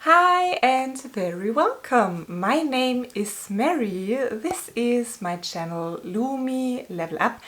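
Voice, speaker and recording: A woman's voice: a little high, expressive, takes it slowly, hardly any pauses, a bit bright, faint music behind. A woman in her thirties, a German native speaker, chatting through a shopping recap and a little out of breath. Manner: chatty and personal. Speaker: fashion vlogger.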